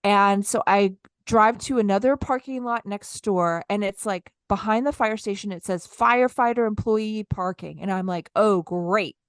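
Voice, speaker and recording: A woman in her thirties tells a story in easy, conversational chat, acting out what she said in little quoted bits. Her voice is smooth and clear, at a middle pitch, recorded close and dry with no room sound. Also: normal speed, hardly any pauses, no room sound. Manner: animated, acts out her own lines in quotes. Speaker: podcast co-host.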